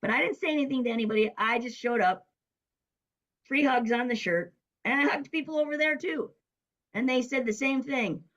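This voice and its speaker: A middle-aged woman, a guest on an interview show, telling a story in a lively way and acting out the voices of people she quotes. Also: high voice, normal speed, poor audio. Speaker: guest, business coach.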